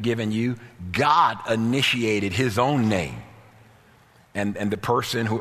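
A man's voice: mid-range voice, a bit bright. A man preaching an evening church sermon with a fervent, repetitive cadence. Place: church sanctuary. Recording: long reverb of a church hall.

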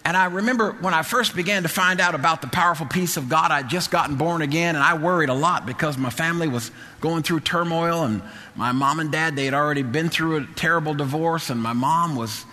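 A man's voice: fairly high pitch, pushed and bright. A man preaching a sermon, telling a personal story fervently with many restarts and repetitions. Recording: long hall reverb.

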